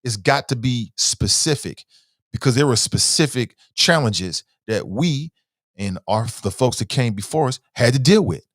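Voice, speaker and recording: A man's voice: mid-range voice, animated, a little slow, dry recording, studio quality. A man hosting a talk show in a casual livestream commentary style, reading viewer comments aloud and often starting with "uh", then stressing words as he argues his points.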